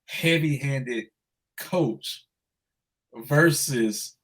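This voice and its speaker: A man co-hosting a casual sports podcast, animated and profane, ranting loudly when upset. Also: mid-range voice, very slow. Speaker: podcast co-host.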